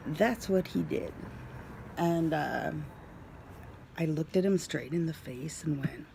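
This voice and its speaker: Vlogger rambling through a dream story, slow and gravelly, lots of um and like, some whispering. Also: medium pitch, background noise. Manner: rambling, full of fillers, drops into whispers. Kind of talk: casual storytelling to camera.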